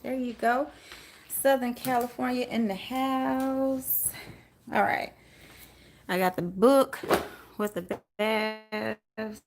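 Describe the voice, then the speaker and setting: A woman's voice: a little high, fairly even intonation, slow pace, pauses often, slight background noise. A woman tarot reader chatting casually with viewers during a live stream, calling them y'all and laughing often while she moves around fetching things.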